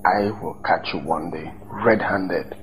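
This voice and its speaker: A man's voice: low-pitched, measured pace, background noise. An actor playing a jealous, suspicious husband, who accuses his wife in a confrontational way. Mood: accusing.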